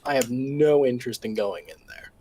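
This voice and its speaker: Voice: mid-range voice, normal speed, noisy background. A tabletop game player speaking in character, hesitant with many restarts and some swearing. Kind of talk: casual in-character play.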